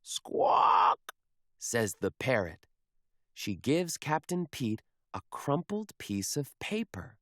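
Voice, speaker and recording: A man reading a children's picture book aloud in a slow, expressive storybook manner. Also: mid-range voice, no echo, studio quality.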